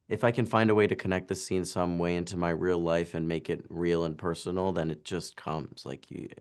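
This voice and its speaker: A man in his twenties, an actor giving an interview, chatting casually with lots of fillers and restarts. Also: deep voice. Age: 20s. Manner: chatty, halting, full of "like" and restarts.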